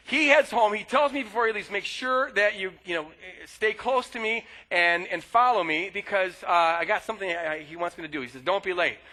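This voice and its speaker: A middle-aged male pastor preaching a sermon, telling a personal story in an animated way and shouting at times to act out anger. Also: sits high, low-quality recording. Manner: animated storytelling, bursts of loud shouting when acting out anger.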